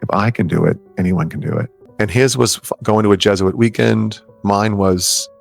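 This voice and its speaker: A man's voice: fairly low pitch, moderate pace, creaky, soft background music. A middle-aged man telling his own story and giving advice to the viewer in an earnest, rambling way, often asking direct questions. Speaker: self-help speaker. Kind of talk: personal story and advice to camera.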